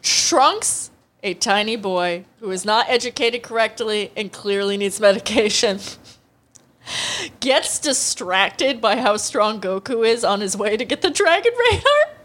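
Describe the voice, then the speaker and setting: A young woman hosting a comedy podcast, recapping an anime with animated storytelling, quick character impressions and swearing. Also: medium pitch.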